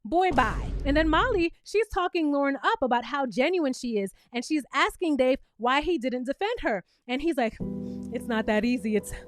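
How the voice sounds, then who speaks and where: A woman's voice: high voice, expressive, normal speed, hardly any pauses, soft background music. A woman giving sassy, emphatic commentary as she reviews a reality TV show. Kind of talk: casual commentary vlog.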